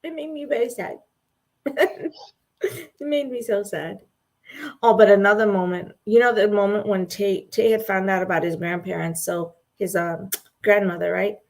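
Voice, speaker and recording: A woman chatting casually as a co-host, with a voice at a middling pitch. She gushes and tells stories animatedly, often breaking into laughter. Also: normal speed, long pauses. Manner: gushing, animated storyteller who laughs often. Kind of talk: casual chat.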